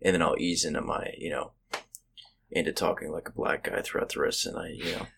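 A man co-hosting a podcast, chatting casually in halting, filler-heavy talk. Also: a bass voice, level tone, vocal fry, a bit bright, a little hiss or hum. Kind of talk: casual chat.

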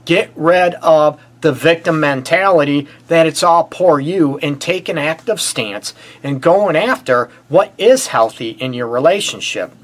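A middle-aged man from the Detroit area hosting a casual relationship advice show, blunt and animated, often calling his listeners "people". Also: on the high side, a little slow, few pauses. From Detroit area, USA. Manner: animated and blunt, addresses listeners as "people", frequent "you know what". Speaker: relationship counselor and show host.

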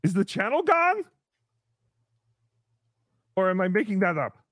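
A man playing a cheery, childish host character in a comedy livestream, talking in a sweet, drawn-out, sing-song way. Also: high voice, sing-song, a bit bright, dry recording, clean studio sound, exaggerated voice. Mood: bewildered.

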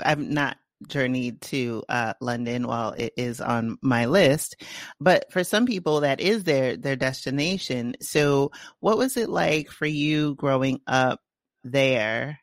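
A woman's voice: sits low, slow, no room sound, clean studio sound. A woman with a Bronx accent hosting a podcast interview, upbeat and enthusiastic. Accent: Bronx New York. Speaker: podcast host. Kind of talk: casual interview chat.

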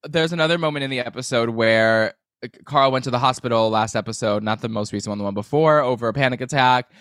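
Gossipy, animated man on a podcast. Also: medium pitch, fast talker, no room sound, studio quality. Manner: animated, gossipy, swears freely. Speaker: podcast co-host. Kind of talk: casual chat.

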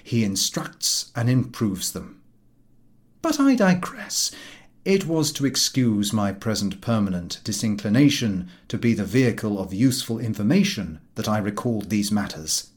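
A man reading a humorous novel aloud as an audiobook, with a wry and expressive delivery. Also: fairly low pitch, normal speed, hardly any pauses. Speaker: audiobook reader.

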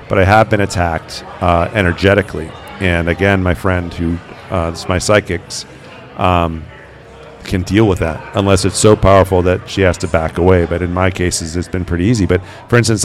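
A man, a paranormal investigator, telling stories in a relaxed interview and acting out the quoted voices. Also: deep voice. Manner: animated, acts out quoted voices. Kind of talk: conversational interview storytelling.

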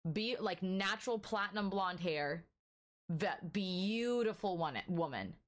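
A woman co-hosting a podcast, telling a story in a casual, animated way and filling her speech with "like". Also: medium pitch, a little slow. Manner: animated storyteller, heavy use of "like", acts out dialogue. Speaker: podcast co-host.

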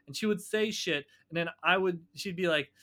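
A man co-hosting a casual podcast who tells stories with animated energy and acts out other people's lines. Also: high voice, moderate pace. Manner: animated storyteller, acts out quotes. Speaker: podcast co-host. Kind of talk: casual chat.

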